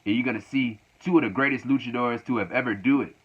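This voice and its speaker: A man's voice: mid-range voice, quick pace, fairly bright tone, slightly rough. A man voicing a proud, defiant male wrestler who boasts to a crowd, in a dull lo-fi recording.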